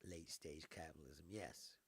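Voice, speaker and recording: A man's voice: rumbling low, normal speed, vocal fry, a bit bright, slightly rough. A middle-aged man hosting a live stream, telling a story in a casual, exasperated rant, laughing and swearing as he goes. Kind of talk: casual ranting monologue.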